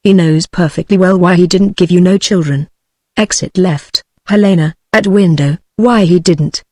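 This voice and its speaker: A text-to-speech voice of a woman with a British English accent, reading a stage play aloud in one even voice, speaker names and stage directions included. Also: on the low side, normal speed, dry recording, studio quality. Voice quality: even synthetic delivery with no change between characters.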